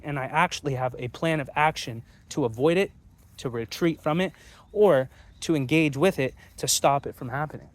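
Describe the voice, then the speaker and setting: Speaking to his viewers in a loose, unscripted monologue, a channel host comes across as blunt and combative and swears often. His pitch is ordinary for a man.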